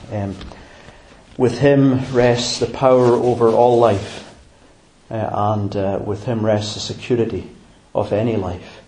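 A man preaching a sermon in a measured, reflective way, pausing on fillers and restarting phrases. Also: fairly low pitch, dark tone, echoey room, slight background noise, poor audio.

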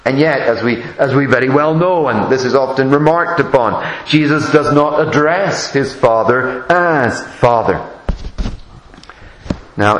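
Male preacher, reflective sermon delivery, unhurried, echoey church sound. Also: medium pitch, a bit bright. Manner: slow, measured, reflective delivery with frequent restarts. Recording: echoey room.

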